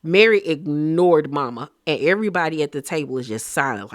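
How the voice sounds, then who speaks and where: A man giving a casual, gossipy recap of a reality TV episode, talking in an animated, slang-filled way. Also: fairly high pitch, fairly quick, few pauses, no echo, studio quality.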